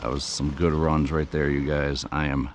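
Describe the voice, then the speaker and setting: A man with a very deep, low voice talks into the camera outdoors beside a river, full of breathless excitement. He says he is shaking and keeps calling out to his viewers. A faint wash of outdoor noise sits behind him. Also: moderate pace. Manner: excited, breathless exclamations and repeated "you guys". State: shaky with excitement. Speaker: vlogger running a radio-controlled boat. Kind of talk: excited outdoor vlog commentary.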